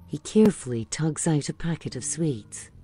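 Low-voiced woman narrating audio description. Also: normal speed, soft background music. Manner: steady, clear, scene-setting.

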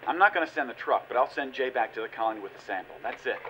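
An actor playing a decisive male leader speaking over a radio link, brisk and commanding. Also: medium pitch, animated, pushed and bright, muffled recording, a little hiss or hum.

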